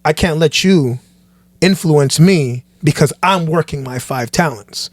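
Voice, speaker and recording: A man with a fairly high voice chats on a podcast as a guest pastor. He talks in an animated, sermon-like way, looping back and restarting phrases as he builds his point. The sound is close and dry, with no room echo. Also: measured pace. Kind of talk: casual podcast chat.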